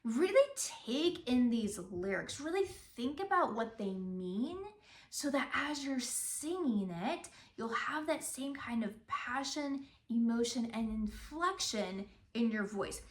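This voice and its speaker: A woman with a high, bright-pitched speaking voice guides a singing lesson at an unhurried pace. She is patient and encouraging, and she speaks lyric lines aloud to model the phrasing. The sound is roomy, with a faint bed of music behind her. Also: lively intonation. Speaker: singing teacher. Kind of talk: vocal lesson with spoken demonstrations. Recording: roomy, echoey room.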